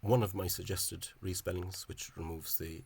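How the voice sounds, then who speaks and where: A man giving an informal spoken lecture over on-screen examples. He talks in a halting, hesitant way and is openly scornful of the official spelling. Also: deep voice, steady tone, creaky, a little mellow, a little hiss or hum. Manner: hesitant and halting, with frequent pauses and restarts. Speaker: language enthusiast presenting a video lecture.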